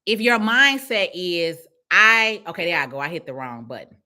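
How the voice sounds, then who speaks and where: Emphatic, preachy woman with a bright voice. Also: fairly low pitch, very animated, moderate pace. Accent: Chicago. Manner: preachy, emphatic, repeats herself. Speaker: small business owner speaking live to followers. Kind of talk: casual live-stream pep talk.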